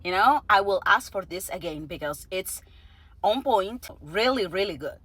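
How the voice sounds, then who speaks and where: A woman reviewing fast food in a casual vlog, chatting between bites and murmuring softly as she tastes. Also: medium pitch, expressive, husky, no echo. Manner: unhurried and chatty, with soft murmurs while tasting.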